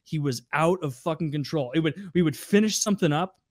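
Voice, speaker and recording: A man's voice: fairly high pitch, a little fast, dry recording, clean studio sound. A man on a podcast, telling casual, profane anecdotes with a wry edge. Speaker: podcast regular. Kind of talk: casual storytelling.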